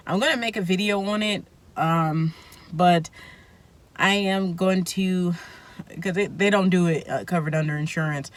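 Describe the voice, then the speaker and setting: A woman's voice: fairly low pitch, a bit bright. A woman vlogging casually to her viewers, talking candidly in a rambling way and correcting herself as she goes. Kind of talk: casual vlog chat to camera.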